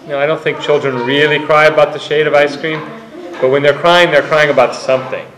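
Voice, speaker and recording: A man with a somewhat high voice tells stories to a live audience, slipping into the voices of the people he quotes. The sound carries the echo of the room around him. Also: fairly even intonation, a little fast, fairly bright tone, slight background noise. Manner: anecdotal, acts out quoted voices. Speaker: author giving a book talk. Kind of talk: storytelling talk to a live audience. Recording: echoey room.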